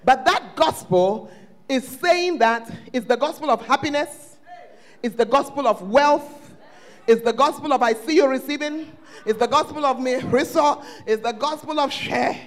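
At a church service, a pastor with a Ghanaian English accent preaches in an extremely high pitch, never hurrying. He trades shouted lines for hushed asides throughout.

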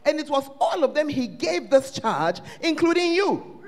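Animated high-voiced Ghanaian pastor preaching. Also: male voice, moderate pace. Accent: Ghanaian English. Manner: animated preaching, swings between shouting and hushed asides. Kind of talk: sermon. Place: church service.

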